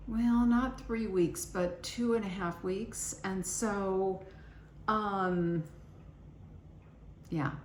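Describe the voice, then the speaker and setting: A middle-aged woman chatting casually to camera as a beauty vlogger, rambling and self-deprecating, tired and cranky after travel. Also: fairly low pitch. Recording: echoey room with faint ambient noise.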